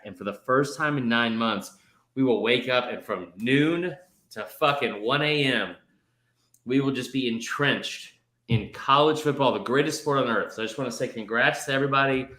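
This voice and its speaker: Male podcast co-host, mid-pitched, rambling and profane in casual banter, recorded with an echoey room sound. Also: moderate pace, fairly bright tone.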